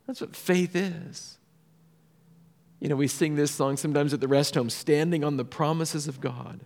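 A man from Southern California preaching a sermon, telling personal stories and often dropping to a soft hush to drive a point home. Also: on the high side, animated, normal speed. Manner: storytelling, drops to a soft hush for emphasis. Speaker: pastor. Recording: echoey hall reverb.

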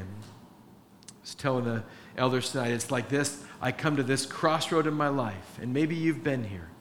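A man preaching a sermon to his church, impassioned, swinging between hushed confession and loud emphasis. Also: medium pitch, a little slow. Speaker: pastor. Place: church sanctuary. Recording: church hall reverb with faint room noise.

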